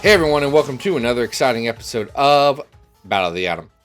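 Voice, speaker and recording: A man's voice: medium pitch, animated, rapid-fire, over music. A man co-hosting a comics podcast in casual, joking chat, playful and self-mocking. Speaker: podcast co-host.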